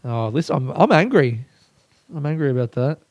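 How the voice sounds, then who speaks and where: A young man, a comedian, rambling through a casual podcast monologue, swearing a lot and breaking into loud rants. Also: on the high side, very animated, normal speed, dry recording, clean studio sound. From Australia. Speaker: stand-up comedian.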